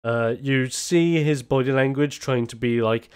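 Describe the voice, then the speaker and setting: A man's voice: medium pitch, measured pace, few pauses, smooth. A man narrating as game master of a tabletop game, rambling with many fillers.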